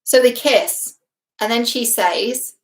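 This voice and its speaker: A woman's voice: on the high side, slow pace. A young adult woman from Britain, a relationship expert giving a casual reaction vlog, chatty and emphatic, laughing often and swearing casually. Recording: roomy echo.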